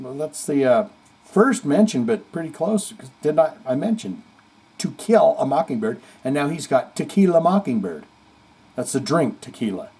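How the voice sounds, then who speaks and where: A man's voice: a little high, darkish tone, breathy edge. A man hosting a casual heavy metal chat stream, reading viewer comments aloud with jokey asides. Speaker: host.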